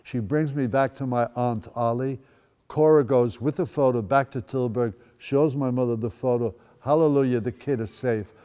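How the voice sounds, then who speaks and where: Mellow-voiced older man recounting memories. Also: mid-range voice, long reverb tail. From Netherlands. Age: 80s. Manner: wry, dry humorous asides. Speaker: guest speaker. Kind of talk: personal storytelling talk. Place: school event space.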